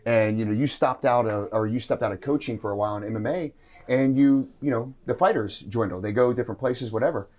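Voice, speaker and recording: A man's voice: medium pitch, fast, darkish tone. A man co-hosting a martial arts podcast, telling stories in a loose, rambling way full of fillers. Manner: rambling, filler-heavy storytelling. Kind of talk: casual storytelling chat.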